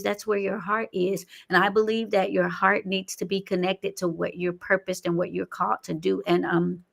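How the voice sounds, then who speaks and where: A woman hosting a faith-based livestream, reflective and exhorting, pausing with ums. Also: medium pitch, gravelly. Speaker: livestream host.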